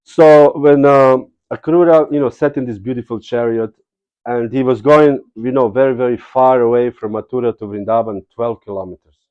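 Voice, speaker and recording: A man's voice: medium pitch, steady tone, normal speed, darkish tone, clear, resonant tone, muffled recording. A man giving a spiritual lecture, telling stories in a casual, digressive way and often adding "you know". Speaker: spiritual teacher. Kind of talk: devotional lecture with storytelling.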